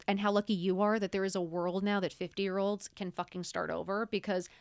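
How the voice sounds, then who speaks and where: A woman's voice: medium pitch, little pitch movement, a little fast, clean tone. A middle-aged woman telling her story candidly as a podcast guest, blunt and swearing freely.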